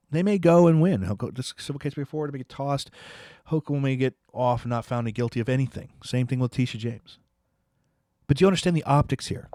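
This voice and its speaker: A man's voice: medium pitch, warm tone, no echo, studio quality. A man hosting a political commentary, ranting angrily and repeating himself as he dares his listeners to respond. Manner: angry, ranting, repetitive, challenging viewers.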